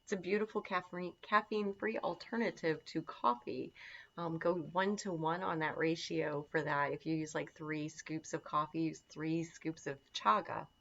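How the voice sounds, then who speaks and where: A woman's voice: deep voice, fairly even intonation, normal speed, creaky, fairly bright tone. A woman teaching a casual lesson on herbal remedies, chatty and enthusiastic, with lots of fillers. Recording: dull lo-fi sound.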